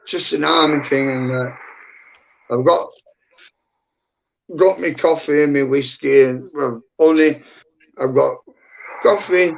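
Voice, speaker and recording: A man's voice: medium pitch, vocal fry, slight background noise. A middle-aged man, rambling bluntly and swearing a lot as a guest in casual livestream chat. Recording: dull lo-fi stream audio.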